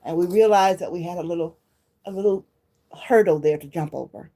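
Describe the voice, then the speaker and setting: A woman from Detroit chats casually to her viewers. She speaks in a low, mellow voice and addresses them directly as she reminisces. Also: brisk. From Detroit, Michigan. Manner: reminiscing, talks straight to viewers. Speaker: vlogger.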